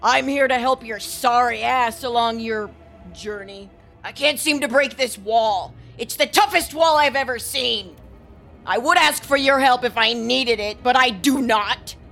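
A woman's voice: a little high, measured pace, vocal fry, fairly bright tone, faint music behind. A woman voicing an arrogant, scornful centipede-crab monster spirit in a tabletop game. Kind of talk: tabletop role-play voice acting.

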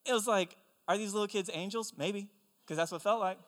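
A young man preaching a sermon, telling stories in an animated, conversational way. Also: high voice, brisk. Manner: animated storytelling, excitable and conversational. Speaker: pastor. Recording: long hall reverb.

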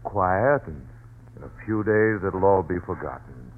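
Casting: a level-headed doctor, lowish lively voice, soothing but firm, old radio sound. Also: male voice, a little slow, slight background noise. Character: calm, rational family doctor and friend. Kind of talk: 1940s radio acting. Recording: tinny lo-fi old radio recording.

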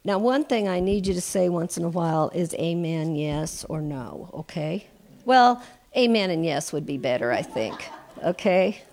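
A woman in her sixties preaching a sermon in a chatty style, turning often to the congregation with questions. Her voice sits low and has a gravelly edge. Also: lively intonation, moderate pace. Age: 60s. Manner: warm conversational preaching with asides. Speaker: guest preacher.

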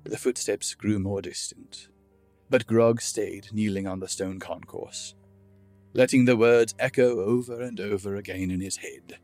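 A man reading fantasy fiction aloud as narrator, in measured, steady storytelling. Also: lowish voice, dry recording, faint music behind. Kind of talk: scripted narration.

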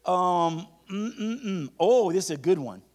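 Male pastor, call-and-response preaching, a bit high-pitched, emphatic. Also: expressive, a little mellow. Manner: drawn-out emphatic reading of declarations. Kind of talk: sermon.

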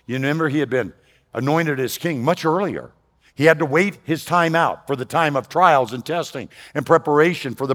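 A man preaching a sermon to his congregation, moving between loud emphatic lines and quiet, lower asides. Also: long reverb tail. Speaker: pastor. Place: church sanctuary.

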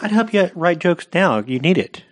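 A man's voice: high voice, sing-song, normal speed, very noisy. A man co-hosting a casual comedy podcast, cracking teasing, self-deprecating jokes. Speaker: podcast co-host.

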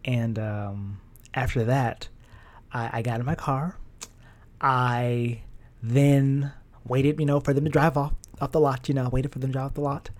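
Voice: medium pitch, steady tone, measured pace, a little mellow. A young adult fashion stylist telling a personal story in a casual, emotional way, with slang and lots of fillers.

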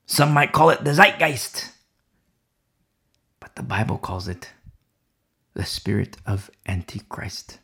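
A man preaching a sermon with fervent, dramatic delivery that swings from loud declarations to hushed whispers. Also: fairly low pitch, expressive, slow pace, gravelly, pauses often, breathy edge.

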